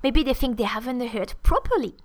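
Woman language teacher with a somewhat high voice and a dry, close sound. Explains casually, with fillers. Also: animated, brisk, no room sound. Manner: conversational, with frequent fillers and restarts. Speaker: French teacher. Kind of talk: explaining French intonation to learners.

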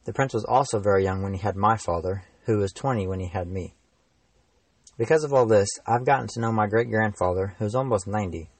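Storybook: steady, patient knight read by a young man, low voice, dry sound a bit off-mic. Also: no echo, recorded from a distance, rough recording. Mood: explaining. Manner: calm, measured. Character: calm, friendly adult knight, steady and patient.

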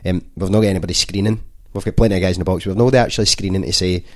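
A man's voice: deep voice, steady tone, rapid-fire, no room sound, studio quality. A man on a football podcast panel, breaking down the goals in a matter-of-fact, tactical way. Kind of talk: casual football chat.

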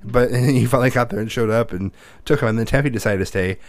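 A man's voice: medium pitch, fast. A father chatting casually, rambling, cursing and restarting his sentences often. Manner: rambling, profane, with many restarts. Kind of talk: casual chat.

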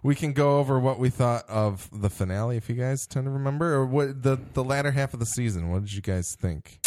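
A man's voice: medium pitch, a little fast, a little mellow, dry recording, studio quality. A man hosting a casual podcast chat, reading listener mail aloud with a ready laugh. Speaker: podcast host.

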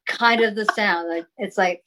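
A woman's voice: medium pitch, moderate pace, sharp tone, poor audio. A woman guest in a talk conversation, explaining sound healing in an encouraging, flowing way and demonstrating chanted tones. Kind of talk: casual interview talk.

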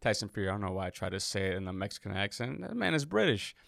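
A man's voice: fairly low pitch, sing-song, very fast, gravelly, fairly bright tone, no room sound, studio quality. A man hosting a casual fight preview, talking in a loose, joking way and often correcting himself as he rambles. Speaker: MMA podcast host.

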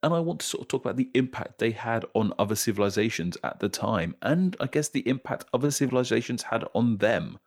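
A man with an English accent, co-hosting a history podcast in a chatty, animated way, laughing often. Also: mid-range voice, quick pace, few pauses. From England. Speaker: podcast co-host. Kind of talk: casual podcast chat. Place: London.

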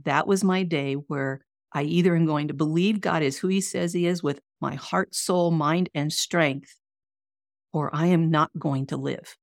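Middle-aged woman telling her faith story, earnest and emotional, kinda gravelly voice. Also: low-pitched, unhurried, no echo, studio quality. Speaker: guest, author and coach. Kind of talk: personal faith testimony.

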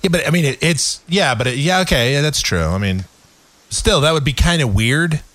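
Lively, joking man co-host. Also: a little high, moderate pace. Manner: joking, hesitant, repeats words. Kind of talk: casual chat.

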